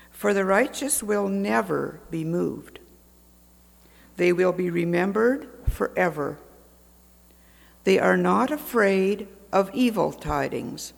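A lay reader giving a measured, solemn scripture reading aloud in a church. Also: medium pitch, vocal fry. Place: church sanctuary. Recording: echoey church hall.

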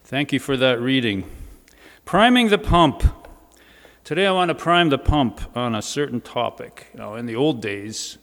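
A man's voice: mid-range voice, animated, moderate pace, a bit bright. A man giving a sermon in a church, speaking in a conversational way with informal asides. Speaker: preacher. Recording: reverberant church hall.

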